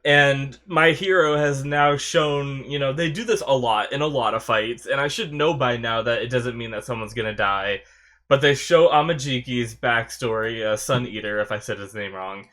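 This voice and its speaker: A young man reacting to an anime episode in casual commentary, excitable and emotional, swearing and laughing, his nose stuffy from crying. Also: mid-range voice.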